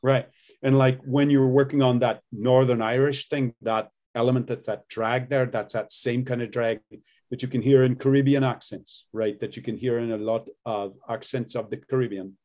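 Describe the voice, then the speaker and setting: A man who works as an accent and acting coach, explaining his methods in a relaxed conversational interview and laughing easily. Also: medium pitch, normal speed.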